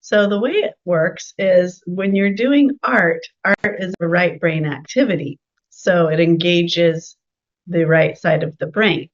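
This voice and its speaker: A woman's voice: fairly low pitch, slow pace, dull audio. A woman from California with a Californian accent, a guest explaining her work as an art therapist in a chatty, enthusiastic way. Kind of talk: interview answers, explanatory.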